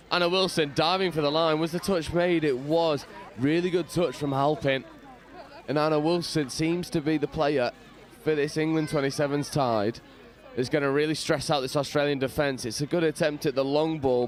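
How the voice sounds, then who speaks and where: Man commentating live from the sideline. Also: on the high side. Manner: lively play-by-play with casual slang. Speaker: match commentator. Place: on a balcony above the sideline at an outdoor sports ground.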